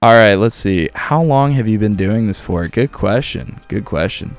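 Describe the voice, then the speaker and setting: Creaky-voiced man chatting casually. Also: on the low side, moderate pace, over music. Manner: relaxed, rambling, reads chat questions aloud. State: slightly sore voice. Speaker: audiobook narrator and livestreamer. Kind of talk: casual livestream chat.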